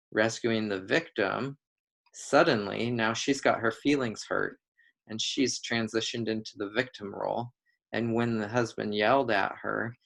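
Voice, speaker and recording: A man leading an educational talk on relationship dynamics, telling example stories in a relaxed way, with frequent fillers and restarts. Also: medium pitch, creaky. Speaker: group facilitator.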